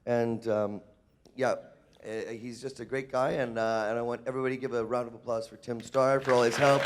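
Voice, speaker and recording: A man's voice: medium pitch, fairly quick, slight background noise. A man talking to a convention panel audience, emotional and laughing, chatting with the crowd. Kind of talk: live convention panel talk.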